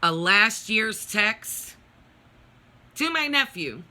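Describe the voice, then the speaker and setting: A woman's voice: medium pitch, sing-song, very slow, bright, forceful tone. A middle-aged woman vlogging a personal story, venting in a blunt, profane, heated way.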